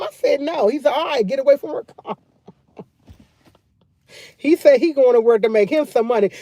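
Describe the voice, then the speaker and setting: Woman, livestream host, loud, chatty, laughing storyteller, dry close sound. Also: high voice, moderate pace, long pauses, no echo. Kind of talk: casual livestream chat.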